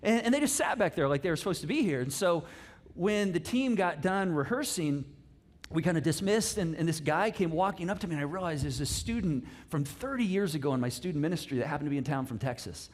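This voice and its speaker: A middle-aged man, a pastor, giving a conversational sermon with lively asides and frequent restarts. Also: on the high side, quick pace. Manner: animated and chatty, with many restarts and asides.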